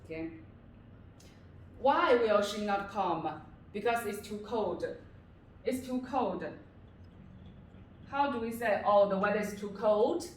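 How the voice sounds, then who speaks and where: A woman's voice: medium pitch, takes it slowly, long pauses, distant mic, slight background noise. A woman tutor giving a classroom-style lesson, patiently repeating each phrase and explaining it step by step. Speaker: language tutor. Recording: echoey room, voice away from mic.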